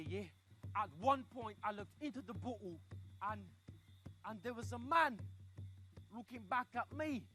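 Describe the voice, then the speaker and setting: A man performing a comic story, chatty and animated, swinging from hushed asides to loud outbursts. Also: extremely high pitch.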